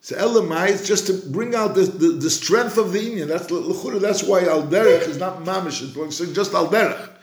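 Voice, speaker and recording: A man teaching a Torah class, his voice sitting a little higher than most men's. He slows down to chant each quoted verse, then reasons through it in a searching way, often restarting his sentences. The room around him rings with a noticeable echo. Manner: chants quoted verses slowly, then explains in quick back-and-forth; frequent restarts and repeated words while reasoning. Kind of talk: Talmudic-style lecture. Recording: roomy echo.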